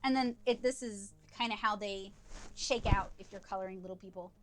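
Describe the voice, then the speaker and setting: A woman's voice: medium pitch, a little fast, a bit bright, soft background music. A woman hosting an art livestream, chatting casually and rambling a little, with self-deprecating asides. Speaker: livestream host and artist.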